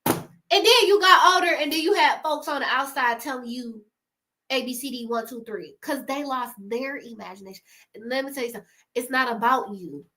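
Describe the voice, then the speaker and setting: A woman talks straight to her viewers in a loose, motivational vlog. Her voice sits a little high and rings bright and forward. She keeps it animated and conversational, laughing easily and calling the audience y'all. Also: brisk. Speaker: YouTuber giving creator advice. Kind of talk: casual motivational talk to camera.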